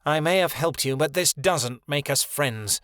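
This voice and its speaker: A man with a mid-range, slightly bright voice speaks at normal speed, voicing a proud female griffin who comes across curt and gruff. The acting is light, and the studio-quality recording has no echo.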